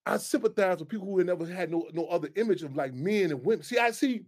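High-voiced, animated radio host. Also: male voice, fast talker. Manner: animated, profane, rambling with many restarts. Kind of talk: call-in radio talk.

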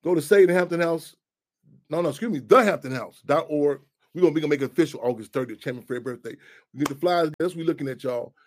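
A man's voice: a little high, racing, a little mellow. A man hosting a radio talk show, speaking in loose, profane street talk full of restarts.

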